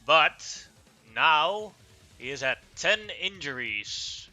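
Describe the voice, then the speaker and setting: A man runs a tabletop game, narrating events and calling the rolls in a relaxed, matter-of-fact way. His voice sits a little high and sounds very bright and crisp, with soft music underneath. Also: drawn-out words. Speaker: game master.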